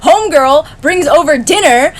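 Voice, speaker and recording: A woman's voice: sits high, expressive, background noise. A woman casually telling an awkward personal story, chatty with lots of "like". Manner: quick, chatty, heavy use of "like".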